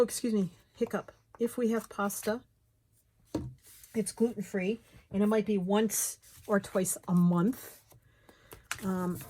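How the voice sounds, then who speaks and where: A woman's voice: mid-range voice, dark tone, breathy edge. A middle-aged woman chatting casually while she crafts, muttering to herself as she works.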